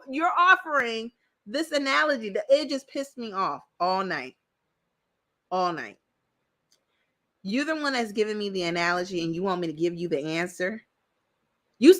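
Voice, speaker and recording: A woman's voice: high-pitched, pushed and bright. A woman hosting a reaction commentary, talking bluntly and directly with lots of profanity. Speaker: commentary host. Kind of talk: reaction commentary on a panel clip.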